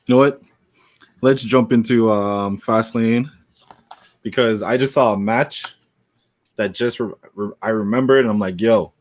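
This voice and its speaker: Animated man telling wrestling stories. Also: fairly low pitch, measured pace, long pauses. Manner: animated storytelling with profanity. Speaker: podcast co-host. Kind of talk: casual chat.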